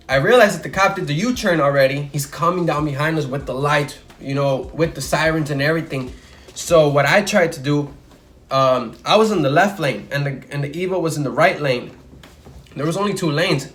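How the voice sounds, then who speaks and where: A young man from Chicago telling a story casually in a vlog, with many fillers. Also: a little high. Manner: casual, filler-heavy, animated retelling.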